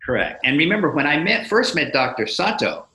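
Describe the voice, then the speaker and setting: A man in his sixties, from the United States, telling a story as an interview guest in a measured way, with frequent pauses and fillers. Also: fairly high pitch, very animated, pushed and bright, echoey room, poor audio.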